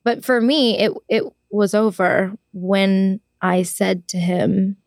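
A woman's voice: mid-range voice, steady tone, takes it slowly, dry recording, clean studio sound. A woman as a podcast guest, answering plainly in casual interview talk.

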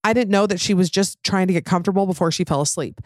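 A woman's voice: on the low side, fast talker, no echo, studio quality. Candid young woman chatting, lots of fillers. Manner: rambling, filler-heavy, frank with swearing. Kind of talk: casual candid chat.

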